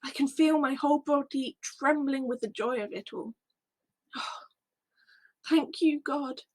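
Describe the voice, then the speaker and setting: A woman's voice: sits high, normal speed. A woman narrating a Bible story in the first person, emotional, shifting between fear and breathless wonder.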